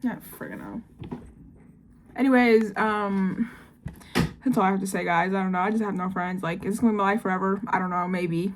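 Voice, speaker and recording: Woman, 19, vlogger: rapid, rambling confessional chat, faint hiss behind. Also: mid-range voice, steady tone. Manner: fast-talking, rambling, full of "like" and "I don't know". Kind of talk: casual confessional vlog.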